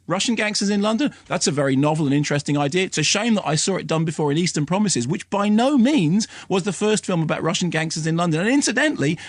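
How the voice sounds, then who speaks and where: A male film critic on a radio show, talking in a somewhat high voice with a sardonic, ranting edge. He slips into mocking impressions as he goes. The studio sound is close and dry. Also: husky, no room sound.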